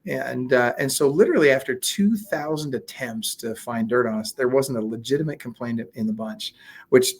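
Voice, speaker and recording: A man being interviewed, telling a story in a casual, animated way, acting out quoted dialogue with lots of fillers. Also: mid-range voice, moderate pace. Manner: frequent fillers and restarts. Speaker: guest, real estate coach.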